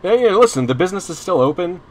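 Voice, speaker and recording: A man's voice: high-pitched, big pitch swings, fast talker. A young man streaming a game, telling a long personal story in a casual, rambling way with many restarts and some swearing. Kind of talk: casual storytelling while gaming.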